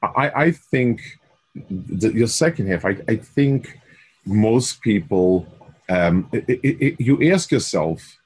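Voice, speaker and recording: A man's voice: lowish voice, animated, takes it slowly, a little mellow, slightly rough. An older man teaching a Torah class, mixing Hebrew phrases into English with frequent restarts.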